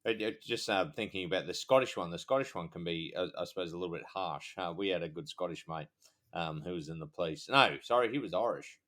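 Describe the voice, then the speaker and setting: A man's voice: sits low, fast, pushed and bright. An Australian man co-hosting a podcast, a police officer chatting hesitantly with many ums. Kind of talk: casual chat.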